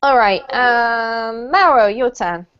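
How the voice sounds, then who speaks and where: A woman teaching English pronunciation to a group over a video call, clear, deliberate and encouraging. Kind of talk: online group pronunciation lesson. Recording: muffled low-fidelity video call audio.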